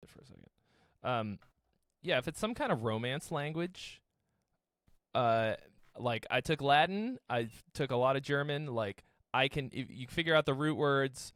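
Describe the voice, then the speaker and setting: A man's voice: medium pitch, animated, unhurried, fairly bright tone, no echo. Guest, male, from Massachusetts, brash and sweary, mid voice, dead-dry mic. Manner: brash, joking, swears freely. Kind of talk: casual profane chat.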